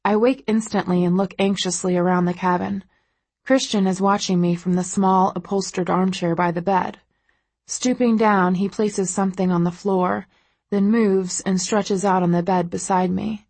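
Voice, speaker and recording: A woman's voice: medium pitch, steady tone, moderate pace, a little mellow, husky, dry recording. A woman narrating a first-person audiobook in an intimate, emotive way.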